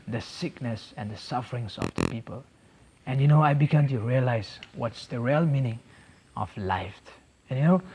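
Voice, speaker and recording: A young man giving an earnest personal faith testimony, halting and repeating himself, with many "you know"s. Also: medium pitch, a little mellow, slightly rough. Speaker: testimony speaker.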